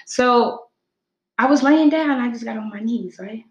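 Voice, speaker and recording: A woman's voice: fairly high pitch, measured pace, lo-fi sound. A young adult woman hosting a podcast, telling her own story in casual heartfelt talk, acting out quotes as she goes. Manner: expressive storytelling, acts out quotes. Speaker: podcast host. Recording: echoey room.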